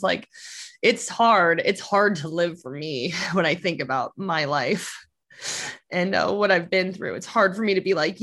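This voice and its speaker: A woman's voice: lowish voice, animated, normal speed, creaky, a bit bright, breathy edge. A young adult woman speaking openly as an interview guest, casual and emotional, saying "like" and "you know" often. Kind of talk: candid interview conversation. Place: in Los Angeles.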